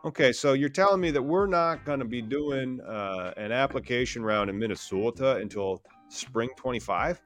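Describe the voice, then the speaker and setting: A man co-hosting a casual podcast chat, reading out news items with quick joking asides. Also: medium pitch, fairly bright tone, faint music behind. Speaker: podcast co-host.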